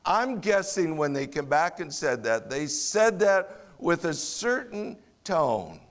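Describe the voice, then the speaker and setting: A man's voice: fairly high pitch, big pitch swings, slow pace. A man preaching a sermon as pastor, explaining scripture verse by verse and acting out the disciples' sarcastic replies. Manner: expository preaching, acts out sarcastic voices of the disciples.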